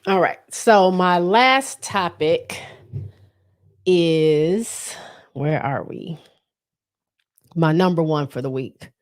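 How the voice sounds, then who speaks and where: A low-voiced woman talks through her solo podcast, loose and chatty. She drifts between thoughts and leans on fillers and restarts. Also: very slow, long pauses. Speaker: podcast host. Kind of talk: casual solo podcast chat.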